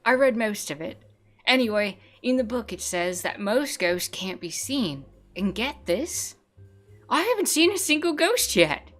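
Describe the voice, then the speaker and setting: A woman voicing a cranky, sleepless self-declared king of an island in a game, talking loud and jumpy, over faint music. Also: a little high, sing-song, a little slow, heavily acted. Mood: nervous.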